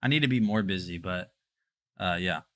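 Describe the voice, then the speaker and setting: A young man hosting a live product showcase stream, chatting casually and excitably straight to his viewers. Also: sits low, normal speed. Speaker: livestream product showcase host.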